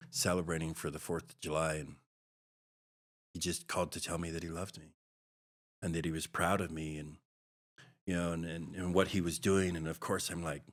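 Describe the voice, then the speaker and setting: Deep-voiced middle-aged man from Hawaii, earnest and rambling, recounting his past as a podcast guest. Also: a bit bright. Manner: earnest, rambling, heavy with fillers. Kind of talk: personal storytelling interview.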